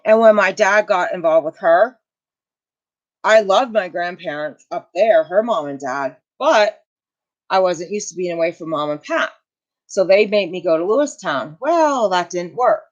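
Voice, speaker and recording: A woman's voice: lowish voice, animated, unhurried. Indignant middle-aged woman venting on a livestream. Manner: emotional, venting, indignant storytelling. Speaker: channel host. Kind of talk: casual livestream chat, reading viewer comments. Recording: dull lo-fi home recording.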